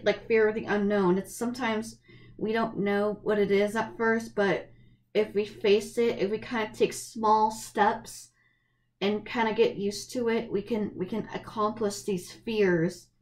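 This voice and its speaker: A woman's voice: medium pitch, flat delivery, unhurried, darkish tone. A young woman in college talks earnestly into her camera, her voice wavering as she fights back tears. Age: young adult. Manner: earnest, emotional and heartfelt, with frequent restarts. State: tearful, voice wavering from crying. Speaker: vlogger. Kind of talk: personal video essay, casual monologue.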